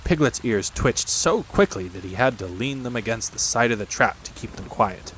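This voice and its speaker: A man reading a children's bedtime story aloud as the narrator, in a gentle, expressive manner. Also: medium pitch, normal speed, slight background noise, low-quality recording. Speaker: audiobook narrator. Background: rain sounds.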